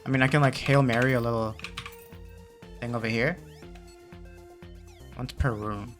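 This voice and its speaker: A man's voice: medium pitch, steady tone, a little slow, faint music behind. A young man hosting a gaming channel, telling a story in casual slang with lots of fillers, then muttering along as he plays. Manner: muttering game commentary. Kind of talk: casual chat while playing a game.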